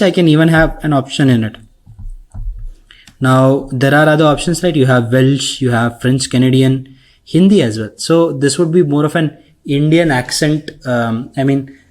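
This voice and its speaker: A man's voice: mid-range voice, a little slow, darkish tone. Man, instructor, screen-share tutorial, conversational, fillers and "right?" tags, recording mic.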